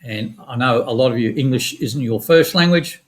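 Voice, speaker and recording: A middle-aged man with an Australian accent walking through his forex trades in a quick, casual, matter-of-fact way with some slang. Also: medium pitch. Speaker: forex trading educator. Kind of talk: screen-share chart walkthrough.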